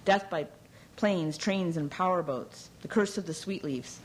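A weary young caterer in a storybook reading, answering with wry, sardonic remarks in a low voice, as the woman narrator reads her. There is a bitter edge under her calm. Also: a little slow, slight background noise, lightly acted, low-quality recording.

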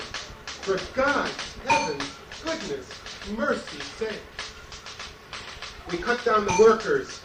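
A man giving a live poetry reading, chanting his lines rhythmically with wry asides between poems. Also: high-pitched. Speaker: poet. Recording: echoey room, distant mic, background noise.

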